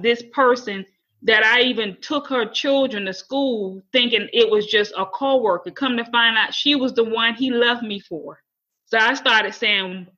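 A woman giving an emotional personal testimony, earnest and halting, often repeating her words. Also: mid-range voice, pushed and bright, lo-fi sound. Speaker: guest sharing testimony.

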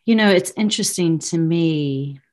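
A woman's voice: on the low side, normal speed, a little mellow. A woman hosting a podcast interview, asking thoughtful questions and searching for her words. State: widowed. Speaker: podcast host. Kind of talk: interview conversation.

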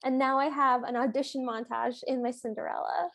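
A woman's voice: high-pitched, fairly even intonation, fairly quick, fairly bright tone. A woman co-hosting a podcast, recapping a movie in casual chat and playfully acting out quotes. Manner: playful, acts out quotes with laughs. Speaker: podcast co-host.

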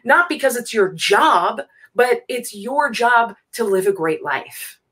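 A woman's voice: a little high, animated, slow, a bit bright, breathy edge. Woman guest, emphatic, laughs a lot, repeats phrases, casual talk.

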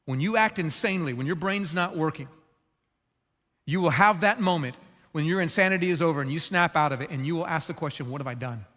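A man preaching a sermon, earnest and animated, acting out quotes as he tells the story. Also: on the high side, fairly quick. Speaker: pastor. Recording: long hall reverb.

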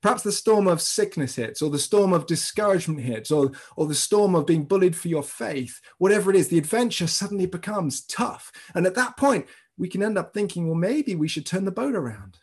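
A man preaching a sermon as pastor, telling a story in a lively way and speaking directly to his congregation. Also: high voice, fairly quick, breathy edge. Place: church service streamed online.

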